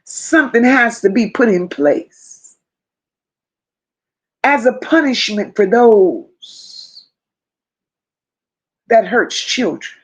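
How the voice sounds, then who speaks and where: Female live-stream host, unhurried, repeats her points, addresses chat by name. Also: on the high side, expressive, husky. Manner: emphatic, repeats phrases, chats to viewers by name. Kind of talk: casual live-stream commentary.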